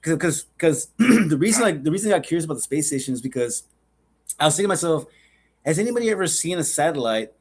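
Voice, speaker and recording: A man's voice: a little high, lively intonation, fast. A man co-hosting a casual podcast, rambling with stammered restarts, swearing and getting worked up. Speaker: podcast co-host. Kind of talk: casual profane podcast chat.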